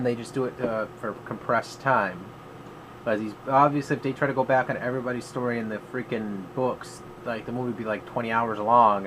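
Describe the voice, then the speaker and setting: A man's voice: medium pitch, background noise. A man giving a casual vlog movie review in a rambling, offhand way, with many fillers and restarts.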